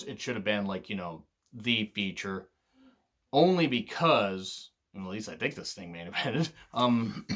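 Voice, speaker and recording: A man casually talking through his favorite wrestling matches, candid and excitable, swearing freely. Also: mid-range voice. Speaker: wrestling reviewer. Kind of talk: casual commentary vlog.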